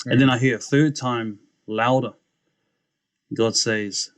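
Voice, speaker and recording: A man's voice: mid-range voice, normal speed, no echo. A man with a New Zealand accent, a podcast guest who tells his testimony animatedly and often calls the host "bro.". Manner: animated storyteller, often says "bro", acts out voices. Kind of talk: testimony storytelling.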